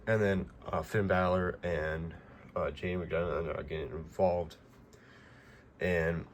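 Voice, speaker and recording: A man with a deep, even, fairly monotone voice talks through a casual recap. He rambles and restarts his sentences, fills the gaps with "uh" and "um", and a faint hiss sits under him. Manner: rambling, many fillers and restarts. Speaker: wrestling recap host.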